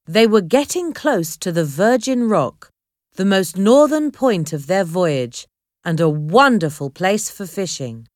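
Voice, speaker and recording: A woman narrating a chapter of an adventure storybook in a clear, measured reading. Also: medium pitch, big pitch swings, no room sound, studio quality. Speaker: audiobook narrator.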